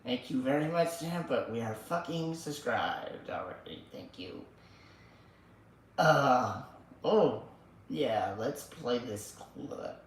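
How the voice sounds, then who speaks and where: Slow-talking crude male podcast host. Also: medium pitch, animated, echoey room, slight background noise, rough recording. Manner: crude, profane banter. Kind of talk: casual political chat.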